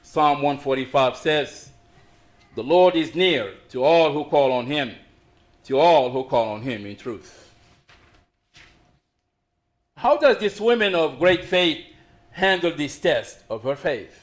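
A middle-aged man preaching a sermon as pastor, swinging between raised emphasis and quiet asides. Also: a little high, expressive, slow, long pauses.

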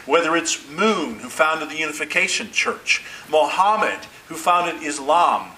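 A man preaching a sermon as pastor, delivering his points deliberately with emphatic pauses. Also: a little high, expressive, sharp tone, low-quality recording. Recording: faint hiss.

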